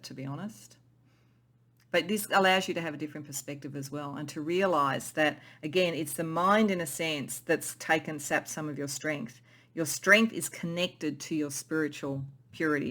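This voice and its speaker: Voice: mid-range voice, fairly bright tone. A tarot reader giving a pick-a-card reading in an intuitive, musing way, often repeating and restarting phrases.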